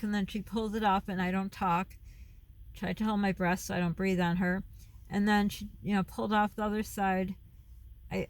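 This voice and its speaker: A woman's voice: mid-range voice, a bit bright. A middle-aged woman chatting to her phone camera, rambling and losing her thread, laughing often as she talks. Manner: rambling, loses her thread and veers off topic. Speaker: vlogger and mom. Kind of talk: casual chat to camera.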